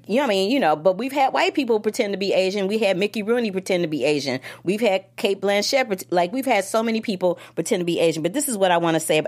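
A woman hosting a film critic show, talking emphatically and straight to her viewers in a casual chat. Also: mid-range voice. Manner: emphatic, animated, talks straight to the audience.

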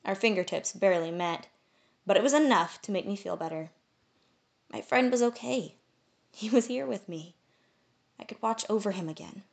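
Woman reading a fairy story out loud, steady mid voice, expressive. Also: mid-range voice, normal speed, gravelly, pauses often. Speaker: audiobook narrator. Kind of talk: first-person fantasy story narration.

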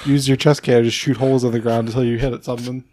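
A man's voice: mid-range voice, level tone, racing, a little mellow. A man co-hosting a podcast in casual chat, playful and argumentative, swearing now and then. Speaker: podcast co-host.

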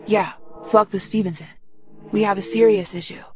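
A woman's voice: medium pitch, fairly even intonation, normal speed, darkish tone, a little hiss or hum, close to an everyday voice. A woman doing a curt, brutal crime boss. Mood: angry. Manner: curt, profane orders. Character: brutal, short-tempered male crime boss.

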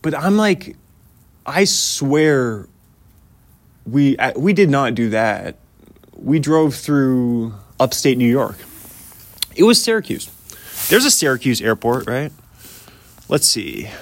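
A man's voice: medium pitch, sing-song, slow, pauses often, no echo. A man in his thirties hosting a casual solo podcast outdoors in the snow, rambling and chatty, often laughing and saying "dude". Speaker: podcast host.

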